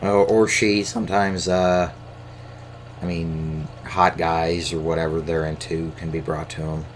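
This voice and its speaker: A man's voice: deep voice, flat delivery, unhurried, slight background noise. A man talking casually into his camera mic, rambling and hesitant with lots of filler words and swearing. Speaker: solo podcast host.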